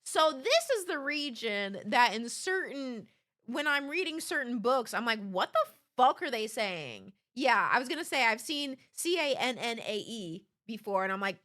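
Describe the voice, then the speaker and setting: Animated, bright-voiced woman streamer. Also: a little high, normal speed. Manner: animated, exclaiming, laughing. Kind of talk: casual reaction stream.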